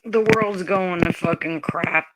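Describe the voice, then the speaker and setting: Blunt, slow-talking woman streamer. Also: on the low side, heavy background noise. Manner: blunt and profane, talking straight to the chat. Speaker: livestream host. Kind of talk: casual livestream chat with viewers.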